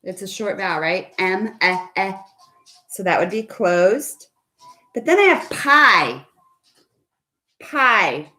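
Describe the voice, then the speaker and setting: A woman teaches children phonics over a video call, her pace unhurried and deliberate. She is patient and coaxing, often pausing to put questions to her students. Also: mid-range voice, animated, sharp tone, faint music behind. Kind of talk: online phonics lesson for kids.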